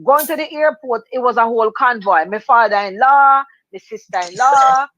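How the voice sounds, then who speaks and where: A woman's voice: a little high, normal speed, a bit bright. A middle-aged Jamaican woman chatting animatedly in patois, telling a story on a radio talk show. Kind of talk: casual storytelling chat. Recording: dull, dry lo-fi sound.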